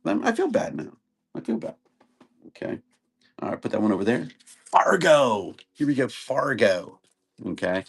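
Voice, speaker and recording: A man's voice: mid-range voice, huge pitch swings, normal speed, creaky, pauses often, husky. A man selling old videotapes on a live stream, chatting casually and rambling with many fillers. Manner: rambling, chatty, says "and stuff" often. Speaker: live auction seller.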